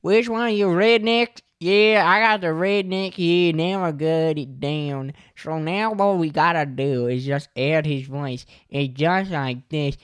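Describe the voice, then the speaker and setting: A man voicing a trailer-park redneck boy with a stuffy, nasal voice and a slow drawl. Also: on the high side, smooth, no room sound, studio quality. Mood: excited. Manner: drawling, says man a lot.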